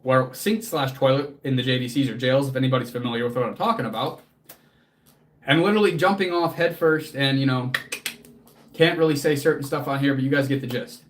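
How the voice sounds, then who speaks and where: A man's voice: mid-range voice, brisk, a little hiss or hum. A man hosting a casual livestream as a fitness coach, answering chat in an earnest, motivational way, casually swearing and close to tears.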